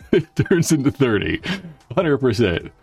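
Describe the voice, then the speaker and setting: Rambling, lively man on a livestream. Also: medium pitch, unhurried, vocal fry, husky, faint music behind. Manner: rambling, swears, many filler likes. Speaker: YouTube channel host. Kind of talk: casual livestream chat.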